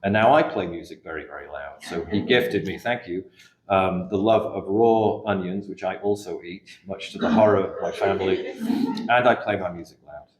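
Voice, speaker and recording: In a café, a middle-aged man from England reads his poetry at a slow, deliberate pace, filling the gaps with halting remarks. His voice sits low, and the room recording is echoey.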